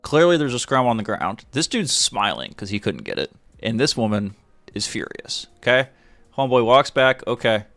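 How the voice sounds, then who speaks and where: A man hosting a live stream, giving an animated, mocking, profane running commentary on a video. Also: medium pitch, normal speed, no echo, faint music behind.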